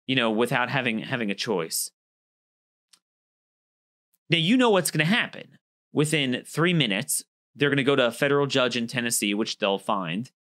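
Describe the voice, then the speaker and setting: A man's voice: mid-range voice, pushed and bright. A man giving an argumentative opinion monologue as a political commentator, emphatic and acting out quoted exchanges.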